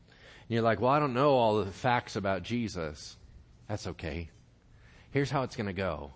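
A man preaching a casual, conversational sermon to his congregation, acting out bits of dialogue as he goes. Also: sits low. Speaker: pastor.

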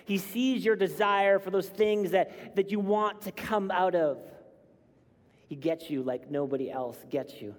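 A man preaching a sermon, emphatic and building to loud cries on key lines. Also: high-pitched, unhurried. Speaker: pastor. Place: church sanctuary. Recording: long hall reverb.

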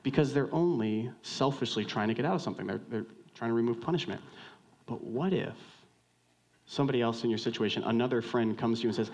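A man preaching a sermon, animated, acting out short dialogues with jumps in pitch. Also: fast. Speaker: pastor.

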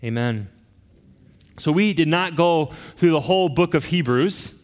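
A man's voice: fairly high pitch, normal speed. Earnest man preaching in a reverberant hall. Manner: earnest, emphatic, with frequent restarts. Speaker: pastor. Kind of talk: sermon.

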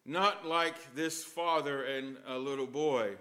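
Bright-voiced priest giving a lively sermon. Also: male voice, medium pitch, slow. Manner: lively storytelling, emphatic.

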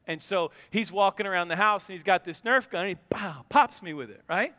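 A man's voice: sits high, a little fast, sharp tone, big-room sound. A man preaching a sermon as a pastor, telling stories with animation and acting out a child's voice.

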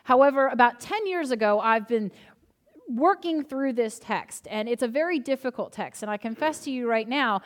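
Woman pastor, slightly high voice; chatty storytelling sermon that turns earnest. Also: animated, moderate pace. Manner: conversational storytelling, then earnest reassurance.

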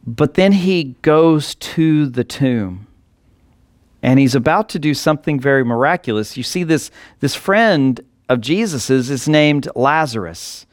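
A man's voice: medium pitch, animated, a little slow, no echo, clean studio sound. A male pastor preaching a sermon in an earnest way that builds to emphatic passages.

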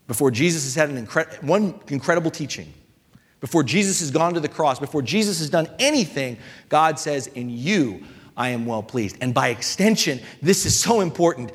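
A man with a notably high speaking voice delivers a sermon to his congregation. He preaches earnestly and emphatically, circling back to the same phrases. His voice rings through a reverberant church hall. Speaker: pastor.

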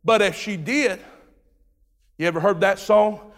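A pastor preaching an animated sermon, swinging between loud and hushed. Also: male voice, sits high, a little slow, a little hiss or hum. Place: church sanctuary. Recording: long reverb of a large hall.

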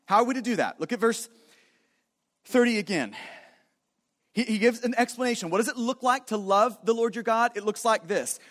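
A man's voice: sits high, a bit bright, big-room sound. A man preaching a sermon as pastor, emphatic and repetitive, often restarting his phrases.

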